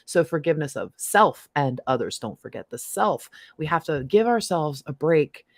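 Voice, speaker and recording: Chatty woman host, lowish dry voice. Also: expressive, moderate pace, no echo. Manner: chatty, bursts into snippets of song. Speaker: livestream host. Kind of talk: casual chat.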